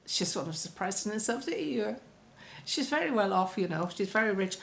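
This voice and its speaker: A woman giving casual political commentary, chatty and rambling, with many fillers and sarcastic asides. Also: mid-range voice. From England. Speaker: political vlogger.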